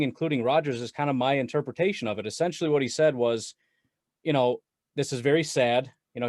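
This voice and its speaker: Rambling animated guy talking football, laughs a lot, dry close sound. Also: mid-range voice, no echo. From Wisconsin. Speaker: guest Packers commentator. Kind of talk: casual podcast chat.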